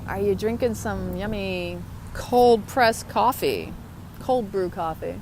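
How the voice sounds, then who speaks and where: A woman's voice: mid-range voice, animated, takes it slowly, noisy background. A woman talking to her viewers in a motivational vlog, upbeat and chatty. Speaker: vlogger. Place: outdoors.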